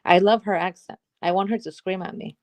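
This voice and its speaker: A woman's voice: medium pitch, steady tone, brisk, dry recording. A woman co-hosting a casual livestream chat, gushing and leaning heavily on "like.". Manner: gushing, heavy use of "like". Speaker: podcast co-host.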